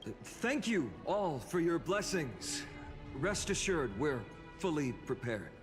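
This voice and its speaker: A man's voice: fairly high pitch, big pitch swings, slow pace. An actor playing an earnest young male hero and loyal comrade in a game, with reverb and music behind. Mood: rousing. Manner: earnest, warm-hearted speechmaking. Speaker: game character. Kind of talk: game voice acting.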